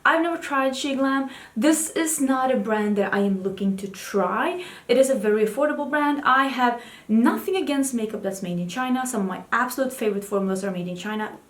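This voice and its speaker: Chatty and candid, a beauty vlogger talks casually about new makeup releases and coos at her cat in a high baby voice. Her intonation is lively, her pace fairly quick, and the sound roomy.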